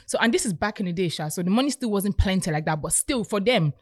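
A woman's voice: medium pitch, fast talker, no echo, clean studio sound. A woman in her thirties, co-hosting a podcast, telling a story in casual chat and acting out the quotes. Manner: animated storyteller, acts out quotes. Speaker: podcast co-host.

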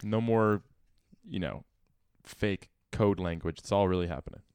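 Low-voiced man in relaxed chat. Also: a little slow, clean tone, dry recording, clean studio sound. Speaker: podcast co-host discussing a novel. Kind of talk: casual book discussion.

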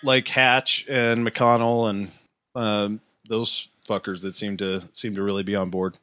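A quick-witted man joking and asking questions in a casual political chat. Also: fairly low pitch, level tone, fairly bright tone, no echo, clean studio sound.

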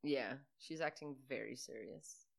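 A woman with a notably low voice talks through a horror film with a co-host. Her commentary is loose, profane and joking, and laughter breaks in often. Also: a little slow, creaky. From Italian family background. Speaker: podcast co-host. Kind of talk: casual movie-watching commentary.

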